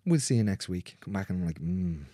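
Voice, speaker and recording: A male manual therapist talks in a lowish voice, chatting casually and bluntly about his clients. He swears freely and slips into the voices of the people in his stories. The sound is dry and close, with no room echo. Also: expressive, fairly quick, mellow. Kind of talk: casual storytelling in conversation.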